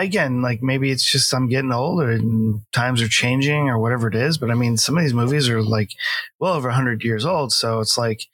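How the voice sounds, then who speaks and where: A man's voice: medium pitch, a bit bright, husky, no room sound. Middle-aged male co-host, casual film chat, loose and rambling, dry close sound. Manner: rambling, filler-heavy, laughs often. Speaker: podcast co-host.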